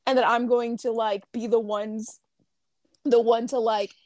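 High-voiced rambling young woman. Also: little pitch movement, measured pace, darkish tone, no room sound. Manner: rambling, hesitant, full of "like". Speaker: podcast co-host. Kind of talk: casual chat.

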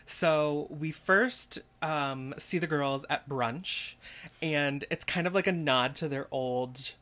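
A man co-hosting a relaxed podcast alongside his mother. He talks in a loose, chatty way and drives the recap forward. He does most of the talking. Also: a little high, slow. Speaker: podcast co-host. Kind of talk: casual podcast chat.

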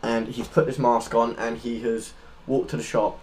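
A man's voice: medium pitch, level tone, moderate pace, a little mellow, slight background noise. A man co-hosting a podcast, telling a story without a script in a loose, earnest way and sometimes searching for words. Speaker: podcast co-host. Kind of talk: unscripted conversational storytelling.

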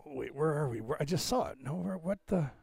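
A man hosting a casual livestream, rambling and interrupting himself while he fixes his screen share, clearing phlegm from his throat. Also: a little high, expressive, brisk, darkish tone, dry recording, clean studio sound. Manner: rambling, self-interrupting while fixing tech. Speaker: livestream host.

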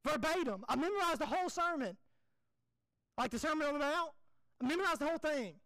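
A young man, a pastor preaching a folksy, animated, self-deprecating sermon. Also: very high-pitched, fast talker, no echo, poor audio.

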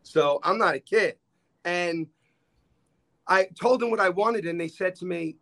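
Philly guy in his 60s telling stories on a podcast, fairly high voice, does all the voices. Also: unhurried, pauses often. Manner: animated storyteller, acts out quoted dialogue. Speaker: podcast guest, restaurateur. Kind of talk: casual storytelling chat.

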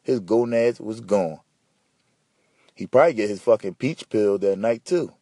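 Man, podcast host, husky voice, dry close mic, slangy animated rambling. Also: lowish voice, unhurried, no echo. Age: adult. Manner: profane, animated, slangy storytelling. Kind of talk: casual solo podcast rant.

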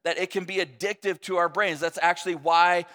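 A man with a notably high voice gives a casual, chatty sermon, restarting sentences and tossing in self-deprecating jokes. His voice rings out in a large hall with a long reverb tail. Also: fairly even intonation, fairly quick, pushed and bright. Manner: conversational, self-deprecating, jokey asides.

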